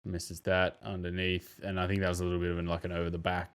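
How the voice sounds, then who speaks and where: Deep-voiced man breaking down basketball. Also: fast talker, smooth. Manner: animated, bursts into loud mimicry and exclamations. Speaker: podcast host. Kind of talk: casual basketball game breakdown.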